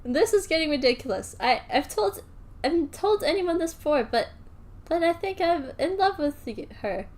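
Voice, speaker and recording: Giggly, excitable young woman streamer. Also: extremely high pitch, moderate pace. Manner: giggly, excitable, self-mocking. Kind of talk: casual livestream commentary.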